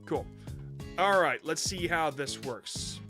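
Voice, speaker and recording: A man's voice: fairly high pitch, slow, sharp tone, faint music behind. A man hosting a live stream where he reviews viewers' short videos, talking casually and reassuringly while he rambles and thinks aloud.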